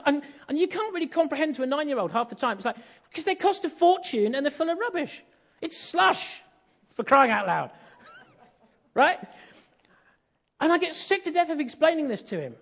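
A man's voice: very high-pitched, fairly bright tone. An English man preaching a sermon, telling a family story in a conversational way with self-deprecating humour.

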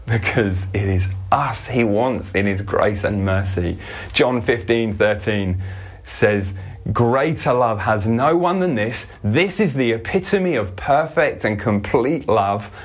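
A male preacher giving a sermon in an earnest manner, slowing down to stress scripture. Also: lowish voice.

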